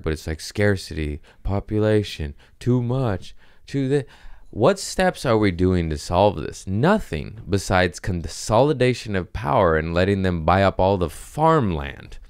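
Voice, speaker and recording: A man's voice: sits low, animated, measured pace, smooth, no echo, studio quality. A man hosting a comedy podcast, rambling casually with profanity and jokes.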